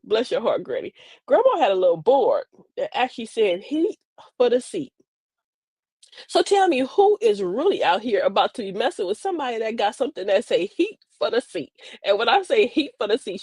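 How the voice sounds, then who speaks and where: An older woman, a grandmother, hosting a livestream and telling sassy, funny stories about parenting in a casual, animated way. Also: medium pitch, husky, dry recording. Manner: animated, sassy storytelling with laughs. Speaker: livestream host. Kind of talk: casual comedic livestream monologue.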